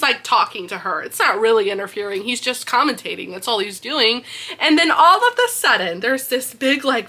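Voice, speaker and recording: A young woman hosting a book podcast, excitedly recapping a fantasy novel in a casual, animated storytelling manner. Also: fairly high pitch.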